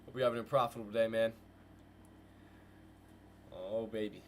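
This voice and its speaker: A man hosting a live trading stream, calling market moves to his viewers in a hyped, slangy way and repeating phrases in quick bursts. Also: on the low side, steady tone, a little hiss or hum. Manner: hyped, slangy, talks to chat with "guys" and "bro". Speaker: trading livestream host. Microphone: desk mic with headphones.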